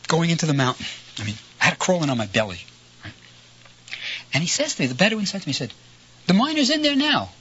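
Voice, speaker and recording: A middle-aged man lecturing in a storytelling way, conversational, often checking in with his listeners. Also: on the high side. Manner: animated, conversational, frequent "right?" asides. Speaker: lecturer on ancient history. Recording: slightly dull lo-fi recording with faint noise.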